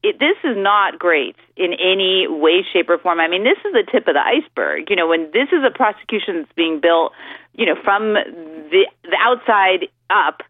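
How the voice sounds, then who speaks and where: A woman commentator talks fast and freely, full of "you know" and "I mean", laughing easily. She calls in over a thin, tinny phone line with a dry, close sound. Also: on the low side, lively intonation, no echo. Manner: talkative, hesitant fillers, laughs easily. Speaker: legal commentator guest. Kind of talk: casual political talk radio.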